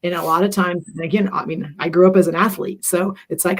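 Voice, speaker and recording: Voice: mid-range voice, level tone, a little fast, vocal fry, hardly any pauses. A middle-aged co-host speaking earnestly in a rambling, self-deprecating way, with plenty of fillers, about being a parent. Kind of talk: reflective conversational talk.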